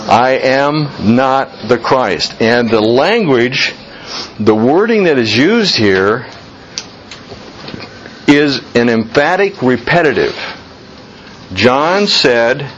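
A man teaching a Bible class as a pastor, speaking with slow emphasis and putting questions to the group. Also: medium pitch, expressive. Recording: muffled church recording with faint hiss.

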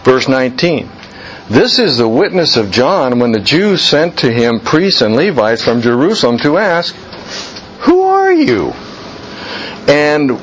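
A man teaching a Bible class as a pastor, speaking with slow emphasis and putting questions to the group. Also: medium pitch, a bit bright. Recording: muffled church recording with faint hiss.

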